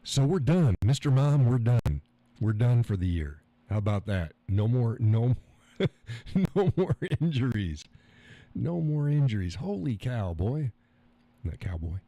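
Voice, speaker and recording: A man's voice: mid-range voice, big pitch swings, measured pace, warm tone, dry recording. A middle-aged man hosting a casual live stream, reading out chat comments, joking crudely and laughing often. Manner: chatty, laughs often, salty jokes. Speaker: livestream host reading chat.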